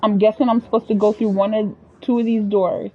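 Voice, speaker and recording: A chatty, expressive woman with an African American English accent, giving casual commentary on a video game to her viewers. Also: mid-range voice, fairly quick, husky, muffled recording. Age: adult. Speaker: gaming streamer.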